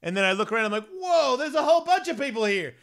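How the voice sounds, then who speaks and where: Animated, crude-talking male podcast host. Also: very high voice, quick pace. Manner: crude, animated storytelling with acted-out quotes. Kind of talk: casual chat.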